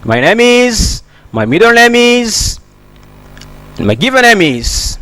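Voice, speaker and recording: Congolese guy teaching english on tv, pretty high voice, takes it slow, repeats everything. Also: big pitch swings, sharp tone. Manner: slow, repetitive teaching with example sentences. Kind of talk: broadcast English lesson.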